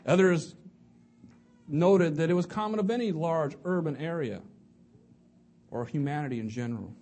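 Man preacher, slightly high voice, casual sermon delivery, stumbles and repeats words, slows for quotes. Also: mellow. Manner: conversational, restarts and repeats words. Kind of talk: evening sermon to a congregation.

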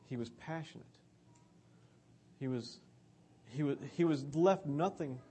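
A man's voice: on the high side, unhurried, warm tone, slightly rough. A man giving an earnest, conversational sermon about scripture.

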